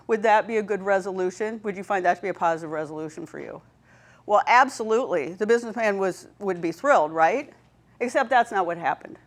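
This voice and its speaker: A woman's voice: mid-range voice, expressive, a little fast. Woman presenting a training workshop. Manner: storytelling, checks in with the audience.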